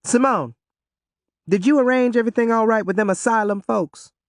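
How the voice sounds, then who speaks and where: A man voicing a brash, hot-headed young woman, speaking in high, emphatic dialect. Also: moderate pace, no echo. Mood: pressing.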